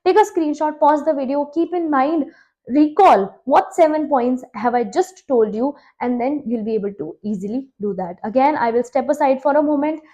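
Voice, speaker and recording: A woman's voice: high voice, dark tone. A woman with an Indian English accent, teaching an exam-prep literature lesson at a board, who asks questions, answers them herself and repeats key facts. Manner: quizzing, repeats key facts, slows to stress terms.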